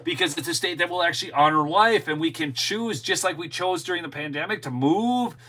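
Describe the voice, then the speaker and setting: A man's voice: fairly high pitch, brisk, bright, forceful tone, low-quality recording. A middle-aged man hosting his own show, delivering an emphatic, opinionated commentary monologue and talking straight to his viewers. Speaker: show host and political commentator.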